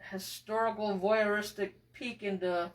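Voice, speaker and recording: A woman leads an easygoing interview, eager and quick to chime in. Her voice sits at a middle pitch and is slightly muffled by a face mask. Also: fairly even intonation. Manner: chatty and eager, full of interjections. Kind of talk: casual interview chat.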